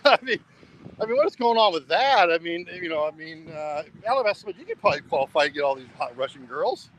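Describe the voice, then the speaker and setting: A man's voice: fairly high pitch, animated, fast talker, fairly bright tone, a little hiss or hum, low-quality recording. Rambling guy walking at night. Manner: rambling, repeats himself, says "bro" a lot. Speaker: travel vlogger. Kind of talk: casual rambling vlog chat. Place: walking outdoors along a road at night.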